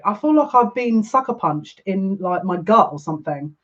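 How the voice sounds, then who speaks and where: A woman's voice: medium pitch, a little slow, pauses often. Gushing, emotional woman psychic hosting a live card reading; mid-range voice, slightly muffled stream audio. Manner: excitable, gushing, easily overwhelmed.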